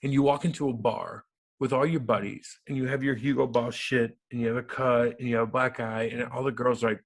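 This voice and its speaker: A man in his thirties, a former hockey enforcer, telling stories in an interview with a loud, profane manner that swings down to soft mumbles. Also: mid-range voice, level tone, fairly quick. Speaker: guest, former hockey enforcer and radio host. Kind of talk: animated interview storytelling.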